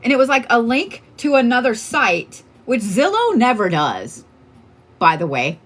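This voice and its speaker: A woman's voice: fairly high pitch, sing-song, measured pace. A woman from Oklahoma, a tarot card reader chatting casually on a livestream, telling stories in a candid, profane way with lots of fillers.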